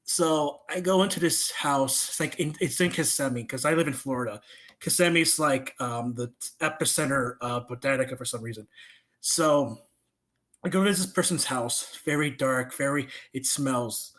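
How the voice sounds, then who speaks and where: Young guy spinning a story on a podcast, lively, does little voices for people, mid-pitched. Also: moderate pace. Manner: animated, acts out voices in his stories. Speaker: podcast guest. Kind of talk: casual storytelling chat.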